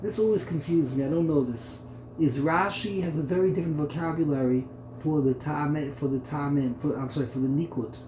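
A Torah teacher's brisk, high-leaning voice with a darkish tone carries through an echoey room over a faint hum. He thinks aloud in a text study lesson, repeating words as he handles the terms.

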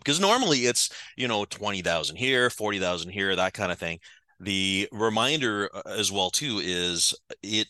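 A male talk show host asks his guest questions and affirms his points, stumbling into fillers now and then. His voice is low-pitched but bright and forceful. The sound is close and dry. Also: dry recording. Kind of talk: radio talk show interview.

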